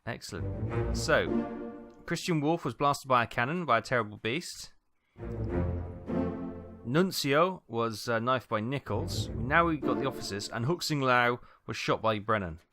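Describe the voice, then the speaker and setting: Let's-player, chatty, thinks aloud, lively pitch, game music under him. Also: male voice, measured pace. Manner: chatty, muttering to himself as he thinks. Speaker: gaming video host. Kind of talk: casual let's-play commentary.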